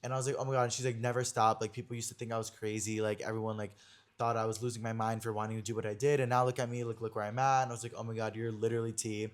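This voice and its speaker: A young man hosting a podcast, telling a story in a gossipy, animated way with lots of filler words. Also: on the low side, very fast. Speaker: podcast host. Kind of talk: casual chat.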